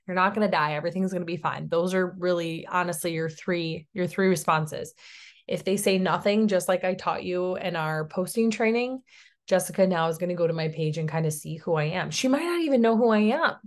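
A woman's voice: lowish voice, brisk. A woman in her thirties from Tennessee, giving a chatty, encouraging sales training talk and often checking in with "okay?". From Tennessee, USA. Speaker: network marketing team leader.

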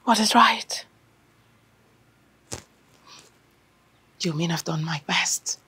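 An actress playing a grieving mother of a missing daughter, speaking slowly in a breathy, tearful whisper. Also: high-pitched, animated, darkish tone, slight background noise, poor audio. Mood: despairing. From Nigeria. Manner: tearful, slow, despairing. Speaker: actress in a film. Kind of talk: film drama acting.

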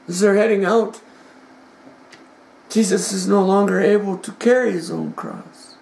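A man delivers a dramatic sermon, passionate and theatrical, dropping to a hush and then rising to a shout. His voice has a gravelly edge, and he takes his time with every phrase. The sound rings out in a roomy, echoing space. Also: sits high, fairly even intonation, measured pace, a little hiss or hum. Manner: impassioned, swings from hushed to shouting. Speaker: preacher. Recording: echoey room.

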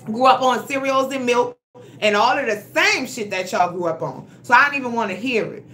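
A woman, telling her story to viewers in a casual, profane, animated way on a phone livestream. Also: a little high, brisk, slight background noise. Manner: blunt, profane and animated, talking straight to viewers. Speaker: health vlogger. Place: at home.

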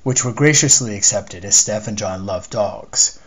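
A man's voice: on the low side, a little slow, a bit bright, slightly rough. A man reading as a courteous winemaker host. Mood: apologetic. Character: male winemaker, polite and concerned host.

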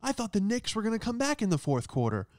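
A man doing the voice of a down-and-out guy in a mock TV commercial, with a loud, deadpan pitchman delivery. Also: fast talker, no room sound, clean studio sound. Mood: boastful.

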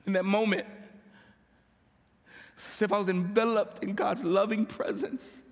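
A male pastor weeps as he gives an emotional sermon testimony in a church sanctuary, rising into impassioned pleas. His voice sits high with little pitch movement and an unhurried pace, and the hall reverb is long.

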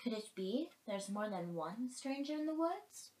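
A woman narrating a picture book aloud in a gentle, animated way, adding her own remarks between the lines. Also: a little high, measured pace. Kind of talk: storybook read-aloud with commentary. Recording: roomy echo.

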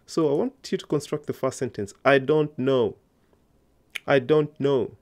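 A man's voice: medium pitch, measured pace. Man teaching a language lesson. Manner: patient, coaxing learners to answer aloud.

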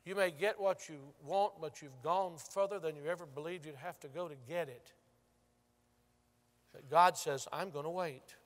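High-voiced, bright preacher, long church reverb. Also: male voice, moderate pace. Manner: storytelling preacher, swings from loud to hushed. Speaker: pastor. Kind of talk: sermon. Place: large church sanctuary.

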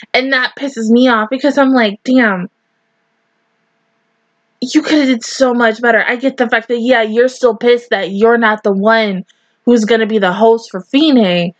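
A woman's voice: sits high, no room sound, dull audio. A young woman hosting an anime reaction video, rambling emotionally and swearing a lot in casual commentary.

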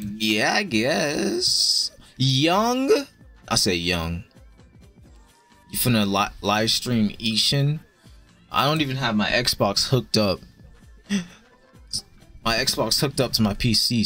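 Slow-talking young man streaming with music. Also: medium pitch, sharp tone. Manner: blunt, profane, quick verdicts; chatty with viewers. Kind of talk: casual live-stream commentary.

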